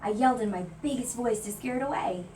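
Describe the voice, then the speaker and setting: A woman's voice: on the high side, fast, darkish tone, a little hiss or hum, lightly acted. A woman voicing a timid, jumpy but kind little male mouse in a storybook reading. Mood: friendly. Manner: anxious, then hollering bravely. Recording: voice from a distance from the mic.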